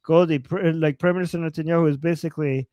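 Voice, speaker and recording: Man with a fairly high, dry voice, incredulous host. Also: quick pace, no room sound, highs cut off. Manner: animated, incredulous, frequent "like" and "oh my God". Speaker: political talk show host. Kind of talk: casual political chat.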